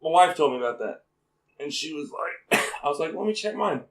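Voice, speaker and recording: A man's voice: on the high side, expressive, a little fast, creaky. A young man co-hosting a podcast, joking around in casual chat, laughing and coughing often. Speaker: podcast co-host. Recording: roomy, mic at a distance.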